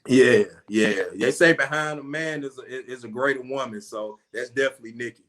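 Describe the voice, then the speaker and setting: A man's voice: mid-range voice, a little fast, a bit bright. A man in his forties from Atlanta, a rapper being interviewed, talking earnestly and from the heart, often saying "man" and "you know". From Atlanta, USA. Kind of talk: interview guest telling a story.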